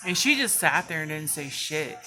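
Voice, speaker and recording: A vlogger tells a storytime in casual chat, swearing heavily and constantly saying "like." Her voice is low-pitched and sing-song at a moderate pace, with music playing in the background.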